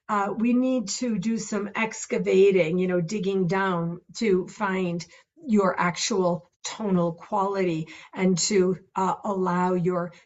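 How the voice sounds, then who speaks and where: A woman's voice: mid-range voice, muffled recording. A middle-aged woman coach talking about confidence and voice in a casual, earnest and enthusiastic way, laughing often. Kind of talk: casual self-recorded advice talk.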